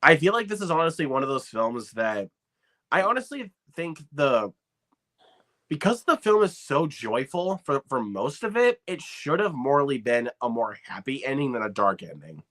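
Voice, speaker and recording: A man co-hosting a casual film podcast, sharing relaxed, enthusiastic opinions. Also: mid-range voice, moderate pace. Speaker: podcast co-host.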